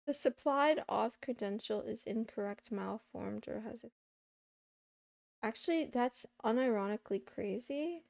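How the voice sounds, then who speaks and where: A woman's voice: a little high, unhurried, vocal fry, a little mellow, no room sound, studio quality. A woman streaming from her desk at home, chatting casually and playfully and teasing her chat. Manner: playful, teasing chat, meowing between remarks.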